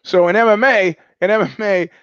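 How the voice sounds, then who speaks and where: A man hosts a podcast in a casual, rambling monologue, wandering off on wry tangents. His voice sits a little high for a man. The recording is muffled and lo-fi, with no room sound at all. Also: fairly even intonation, brisk, fairly bright tone, clear, resonant tone, no room sound. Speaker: podcast host.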